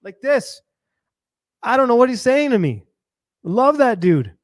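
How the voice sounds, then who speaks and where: A man hosting a podcast, telling a rambling, lively story and acting out the voices of people he met. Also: very high voice, measured pace, dry recording, clean studio sound. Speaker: podcast host. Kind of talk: animated storytelling monologue.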